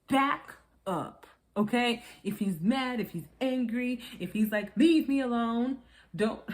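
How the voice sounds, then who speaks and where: Chatty woman reviewing reality TV. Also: fairly bright tone. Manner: chatty, acts out quotes in high voices; frequent laughter. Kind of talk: casual commentary.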